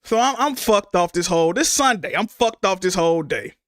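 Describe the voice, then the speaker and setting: High-voiced man recounting a painful story. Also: expressive, a bit bright, no room sound, studio quality. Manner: emotional, halting retelling with repeated words. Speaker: streamer. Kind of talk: casual storytelling to stream viewers.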